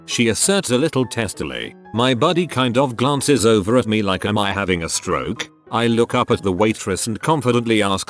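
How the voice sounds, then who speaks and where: A man reads collected online stories aloud in a scripted narration, his voice sitting low but moving a lot in pitch. Faint music plays quietly beneath him. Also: big pitch swings, normal speed, hardly any pauses.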